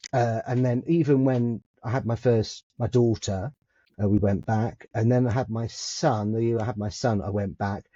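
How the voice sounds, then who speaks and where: A man with an English RP accent, a theatre performer guesting on a podcast, telling anecdotes in a lively way and acting out the voices of the people in his stories. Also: lowish voice, no room sound, muffled recording. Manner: lively storyteller who acts out other people's voices. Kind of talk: anecdotal storytelling in conversation.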